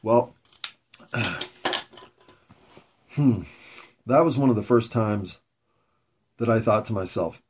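A man talking through a candid, reflective monologue, rambling with pauses and frequent swearing, self-mocking. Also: fairly low pitch, darkish tone, husky.

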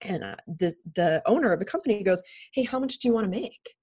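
Speaking fast with a breathy edge at medium pitch, this woman in her thirties is a podcast guest who founded a recruiting firm. Her casual interview storytelling is animated and full of laughter, and she acts out the quoted voices of others.

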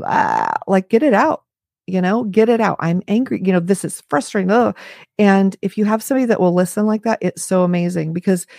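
Middle-aged female podcaster, earnest and conversational, mid pitch, dry close sound. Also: gravelly, warm tone, no room sound. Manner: earnest, conversational, talks things through with fillers. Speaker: podcast host. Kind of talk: casual advice monologue.

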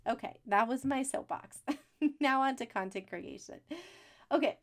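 A woman's voice: fairly high pitch, moderate pace, fairly bright tone. A woman, hosting a podcast in a chatty, upbeat way with folksy asides and frequent laughs. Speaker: podcast host. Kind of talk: casual solo podcast talk.

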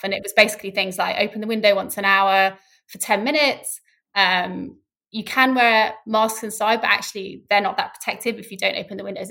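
A woman's voice: medium pitch, vocal fry, bright, forceful tone. A middle-aged woman, a scientist guest, explaining things candidly in casual conversation and laughing easily.

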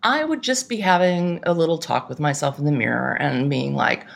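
A woman's voice: low-pitched, gravelly. A middle-aged woman, a guest commentator, talking politics in a casual podcast chat with an emphatic, exasperated manner. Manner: emphatic, exasperated, quick asides.

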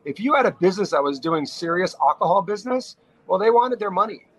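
A middle-aged New Yorker spins stories as a guest in a casual podcast interview. His voice sits a little high for a man, and he talks fast in animated bursts, often restarting sentences. The audio is poor, with no room sound.

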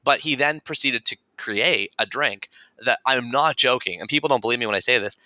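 A man with a bright, forceful voice tells a story in a casual, chatty way. He acts out the dialogue with animated jumps in his voice. The sound is dry and close. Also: medium pitch, fairly quick, dry recording. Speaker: podcast guest.

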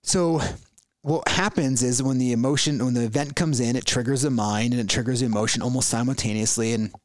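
A man's voice: mid-range voice, fairly even intonation, brisk, dry recording. A man hosting a solo podcast, giving a reflective spiritual talk full of rhetorical questions and restarts. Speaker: podcast host.

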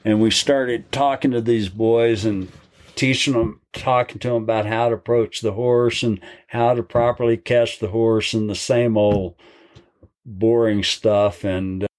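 Give me an older man with a low voice spinning a folksy story about horses. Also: fairly even intonation, a little slow, a little mellow. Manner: folksy, long-winded storyteller. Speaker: horse trainer. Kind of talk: storytelling in an interview.

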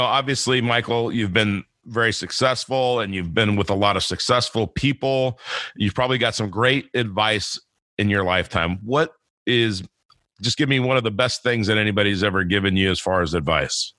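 A man's voice: on the low side, normal speed, bright, forceful tone, dry recording. A man hosting a podcast interview, talking in a rambling, chatty way with frequent restarts. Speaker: podcast host.

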